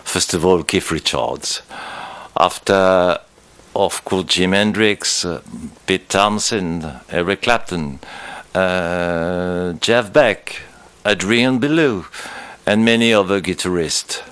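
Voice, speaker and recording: A man's voice: sits low, slow pace, a bit bright, clear, resonant tone. A French man speaking English with a French accent, enthusiastically listing his musical favourites and sometimes searching for words. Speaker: musician guest. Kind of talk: recorded interview segment.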